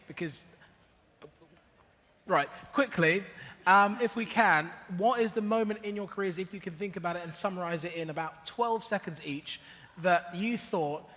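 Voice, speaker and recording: High-pitched, bright-voiced male event host. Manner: energetic, rousing the crowd. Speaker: event host and panel moderator. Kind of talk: live conference hosting. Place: large conference hall with audience. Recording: hall reverb, crowd.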